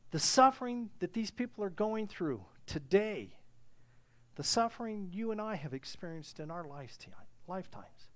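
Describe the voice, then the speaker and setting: Middle-aged male pastor, high-pitched, earnest sermon delivery that rises to fervent. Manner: earnest, building to fervent preaching with many restarts.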